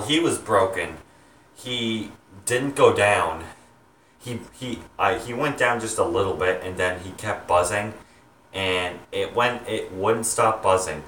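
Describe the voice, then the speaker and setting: A young man chatting to his viewers, rambling and halting with many ums and restarts. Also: low voice, fairly bright tone, echoey room, distant mic, a little hiss or hum. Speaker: vlogger, home haunt maker. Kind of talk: rambling casual chat to viewers.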